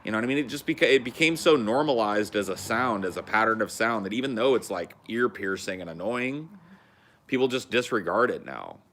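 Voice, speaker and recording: A man hosting a casual livestream chat, loose and profane, bursting into loud silly sound effects, talking from a phone while sitting outdoors at home. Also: lowish voice, animated, a little fast, a little hiss or hum. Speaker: podcast host. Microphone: phone stream.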